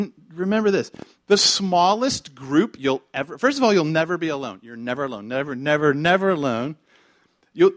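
A man preaching a sermon in a conversational way, full of rhetorical questions and repetition, swinging from quiet asides to shouted emphasis. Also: high-pitched. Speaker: pastor.

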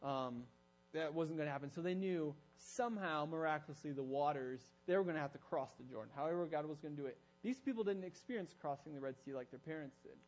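Animated preacher man, slightly high voice. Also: fast talker, poor audio. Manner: animated, acts out quoted voices in storytelling. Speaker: pastor. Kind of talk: sermon. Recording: low mains hum.

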